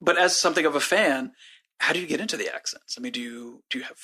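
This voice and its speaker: A man guesting on a casual podcast, speaking in a measured, hesitant way with many fillers. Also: fairly high pitch, bright, forceful tone.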